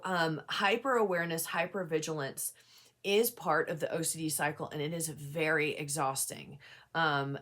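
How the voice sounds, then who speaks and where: A woman's voice: low voice, a bit bright. A woman giving a casual, candid talk to camera about anxiety, earnest and validating, sometimes acting out a worried inner voice. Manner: earnest and candid, acts out anxious inner voice, frequent fillers. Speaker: mental health advocate and peer support specialist.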